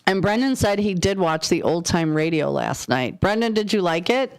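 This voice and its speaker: A woman's voice: on the low side, expressive, clear, resonant tone. Lady morning radio cohost, chatty and playful, banter in the studio. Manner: chatty, playful, quick to laugh along.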